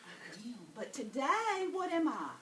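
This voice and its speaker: A woman in her sixties with a high, bouncing voice talks to a room of children, playful and coaxing. She is caught from across an echoey classroom on a distant mic, under loud background noise. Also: big pitch swings, unhurried. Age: 60s. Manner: teasing, coaxing, plays a pirate. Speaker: visiting grandmother reading to schoolchildren.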